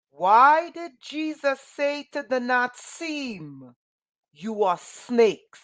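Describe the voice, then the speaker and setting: Woman teacher leading a Bible lesson, slow, deliberate delivery, gets passionate and keeps asking rhetorical questions. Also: on the high side, big pitch swings, a bit bright. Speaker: teacher of a spiritual school.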